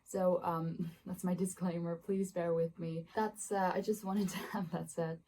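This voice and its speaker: A woman's voice: fairly low pitch, flat delivery, unhurried, warm tone, slight background noise. A young woman vlogging about books, chatting casually to her phone camera in her bedroom with frequent giggles and fillers. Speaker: book vlogger. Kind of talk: casual vlog talk to camera.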